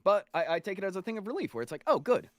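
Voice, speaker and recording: Animated young man telling a workplace story. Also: sits high, rapid-fire, no room sound. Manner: animated storyteller, swears freely, exasperated. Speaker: streamer's guest. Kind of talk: casual chat while gaming.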